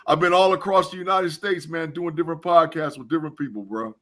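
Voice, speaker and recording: Emphatic high-voiced man. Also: fast talker, fairly bright tone. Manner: emphatic, chuckling, repeats phrases. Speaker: guest. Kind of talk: casual chat.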